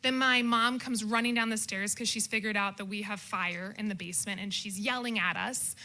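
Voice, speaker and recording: A young adult woman tells a comic personal story about a family holiday, animated and shouting out her relatives' lines as she quotes them. Her voice is medium-pitched and her pace a little fast.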